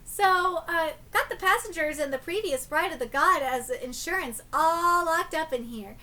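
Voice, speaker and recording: A woman reading aloud and voicing a sly teenage girl ghost who mixes bubbly slang with quiet threats. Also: very high-pitched, moderate pace. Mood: coaxing.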